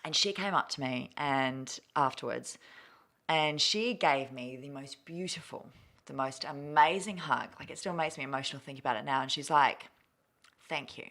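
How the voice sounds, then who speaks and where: A woman speaks in a notably low register. She tells her story candidly and with feeling, swearing casually as she goes. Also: normal speed, fairly bright tone. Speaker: guest.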